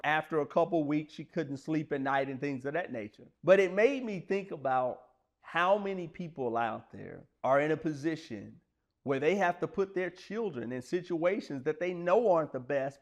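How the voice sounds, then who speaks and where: Earnest man telling life stories. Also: on the high side. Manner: earnest, conversational, plain-spoken. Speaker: speaker sharing personal stories. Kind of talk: motivational storytelling monologue.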